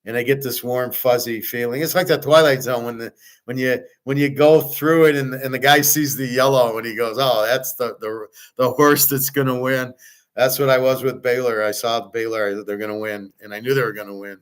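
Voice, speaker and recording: A man hosting a sports betting show, talking in an excited, rambling way, swearing freely and restarting his sentences. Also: mid-range voice, fairly quick. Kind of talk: excited casual betting talk.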